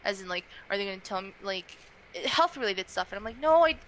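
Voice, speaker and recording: A woman's voice: medium pitch, fairly quick, slight background noise, low-quality recording. A young woman being interviewed as a tarot reader, talking casually with lots of fillers. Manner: chatty, frequent fillers, animated quoting.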